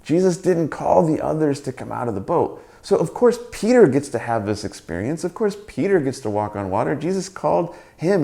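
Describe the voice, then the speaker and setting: A male pastor preaching a sermon, retelling a story with animated acted-out lines and casual asides. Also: medium pitch, creaky. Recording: roomy church sound.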